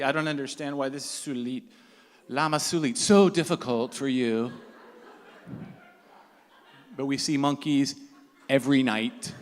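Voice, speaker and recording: A middle-aged man telling a self-mocking comic story live, animated and laughing along. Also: mid-range voice. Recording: echoey hall, faint room noise.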